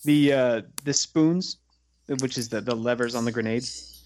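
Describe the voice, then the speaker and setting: Man, casual movie podcast talk, animated scene quoting, faint background noise. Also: medium pitch, unhurried. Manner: animated, quotes scenes in funny voices. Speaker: podcast co-host.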